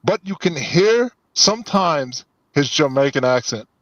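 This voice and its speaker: A man chatting casually on a drawing stream, animated and quick to laugh. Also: fairly high pitch. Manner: laughs often, animated storytelling. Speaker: co-host of an art stream. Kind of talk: casual chat. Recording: dull dry sound.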